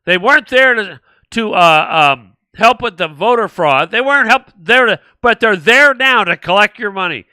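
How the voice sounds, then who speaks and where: Older male political talk host, blunt and rambling, smooth clear voice, dry close sound. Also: sits high, expressive, normal speed, hardly any pauses, sharp tone, dry recording. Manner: blunt, rambling, mocking mimicry. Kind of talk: political commentary.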